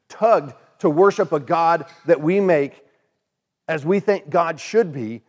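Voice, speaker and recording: Guy giving a sermon, kinda higher voice, chatty, does little voices for the people he quotes. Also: a little mellow. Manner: conversational preaching, acts out quoted voices. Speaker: pastor.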